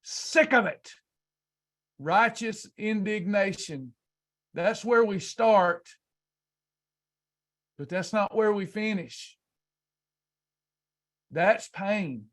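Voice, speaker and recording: A man's voice: high-pitched, drawn-out words, long pauses, a bit bright. A man coaching a class on weight loss in an emphatic, preacher-like motivational speech full of rhetorical questions.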